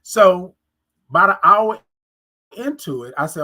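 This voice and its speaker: A woman's voice: on the low side, lively intonation, measured pace, bright, forceful tone. A woman hosting a podcast, telling a personal story in a casual monologue, acting out both sides of conversations and talking straight to her listeners. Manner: talks straight to listeners, repeats phrases for emphasis. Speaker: podcast host.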